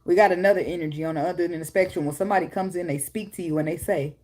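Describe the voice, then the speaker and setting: A woman's voice: on the low side, rapid-fire, few pauses, a little mellow. A woman giving a casual tarot reading at home, talking bluntly with lots of profanity, laughing and now and then breaking into snatches of song. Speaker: tarot reader. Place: home, with a daughter nearby.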